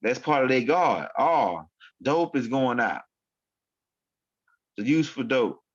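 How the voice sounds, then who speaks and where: A man's voice: mid-range voice, big pitch swings, slow pace, slightly rough. A man hosting his own online show, rambling through casual commentary in street slang and often repeating himself. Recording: dull lo-fi sound.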